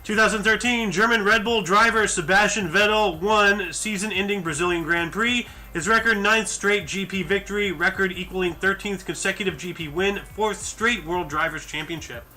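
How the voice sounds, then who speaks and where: Bright, high-voiced guy reading dates. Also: moderate pace, hardly any pauses. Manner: chatty, rattles off scores, jokey asides. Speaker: podcast host reading history events. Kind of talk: casual chat reading off a list.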